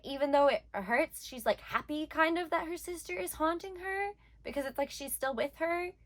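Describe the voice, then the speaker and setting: High-voiced young woman rambling emotionally. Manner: rambling, heavy "like" filler, emotional. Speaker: manga reviewer. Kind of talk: casual review chat.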